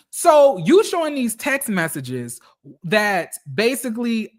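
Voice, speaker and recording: A man giving casual, animated celebrity gossip commentary, sassy and profane, reading text messages aloud and reacting to them. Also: sits high, slow.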